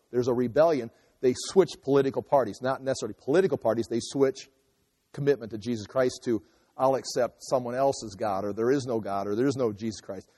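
A man's voice: medium pitch, warm tone, husky. A man giving a conversational verse-by-verse Bible teaching, explaining as he goes and acting out quotes. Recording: long hall reverb.

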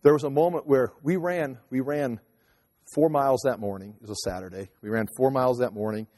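A man in his fifties telling a personal story casually, rambling with many halting restarts. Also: medium pitch, mellow. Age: 50s. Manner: rambling, halting restarts, acts out voices in quotes. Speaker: teacher and speaker. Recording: long hall reverb.

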